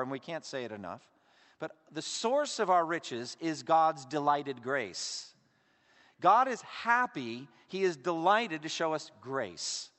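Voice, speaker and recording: A man preaching a sermon as pastor, swinging between emphatic lines and hushed asides. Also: on the high side, big-room sound.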